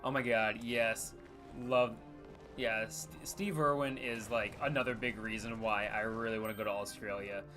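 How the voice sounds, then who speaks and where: A man's voice: fairly low pitch, fairly even intonation, moderate pace, over music. A young man casually chatting while streaming a game, rambling and full of fillers, laughing easily. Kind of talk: casual live gameplay commentary.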